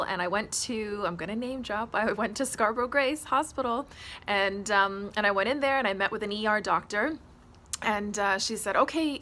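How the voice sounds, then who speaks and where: A woman's voice: mid-range voice, fairly bright tone. A woman telling her own health story to camera in a candid, emphatic way. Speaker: health vlogger.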